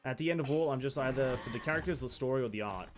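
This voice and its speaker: A man's voice: medium pitch, very fast, over music. A man streaming a game, chatting casually, rambling with frequent restarts and swearing. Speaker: gaming streamer. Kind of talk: casual live-stream commentary.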